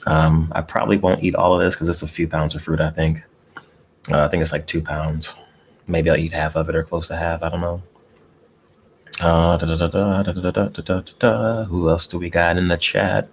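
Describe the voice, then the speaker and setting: Deep gravelly man chatting on a live stream. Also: flat delivery, normal speed, slight background noise. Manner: laid-back, greets chat viewers, chuckles often. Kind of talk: casual live stream chat while eating. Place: room at home with air conditioning. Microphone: desk mic close up.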